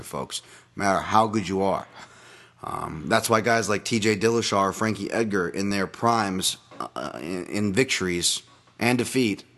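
Rambling, animated man breaking down fights. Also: lowish voice. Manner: animated, rambling, profane, laughs at own bits. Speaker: MMA fight analyst podcast host. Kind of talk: solo podcast fight breakdown.

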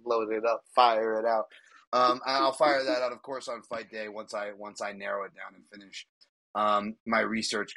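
A man with a fairly low, sharp-toned voice hosts a podcast of casual sports betting chat. He rambles, cracks jokes, and laughs often.

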